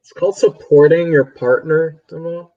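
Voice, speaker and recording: A man's voice: a little high, fairly even intonation, normal speed, lo-fi sound. A man co-hosting a podcast, chiming in with short replies and teasing in casual chat. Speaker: podcast co-host.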